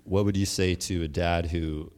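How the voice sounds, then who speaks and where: A man asking questions in a casual interview, measured and a little hesitant. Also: low voice, fairly even intonation, a little mellow.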